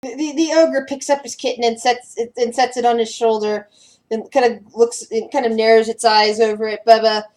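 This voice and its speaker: A woman's voice: on the high side, fairly even intonation, brisk, darkish tone. A woman running a tabletop game as game master, often restarting her words and giggling.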